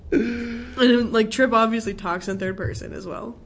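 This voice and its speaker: A young woman chatting casually about a movie, laughing a lot and rambling with many fillers. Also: a little high. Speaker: co-host reviewing a movie. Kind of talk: casual chat.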